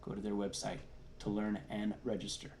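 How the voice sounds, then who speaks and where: A man's voice: on the low side, monotone, moderate pace, darkish tone, slight background noise. A man, a services and support minister, reading church announcements in an upbeat, enthusiastic way over a video call.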